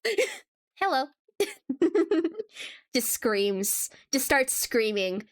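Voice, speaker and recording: A woman streamer chatting casually to her viewers while she draws, laughing often and humming along to music. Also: fairly high pitch. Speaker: VTuber streamer. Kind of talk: casual live-stream chat while drawing.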